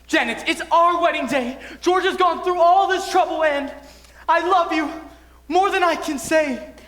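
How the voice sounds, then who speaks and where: A man's voice: very high-pitched, measured pace, pushed and bright, exaggerated voice. A young man playing an earnest, pleading, lovestruck groom, recorded in an auditorium. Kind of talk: stage musical performance. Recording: echoey auditorium with music.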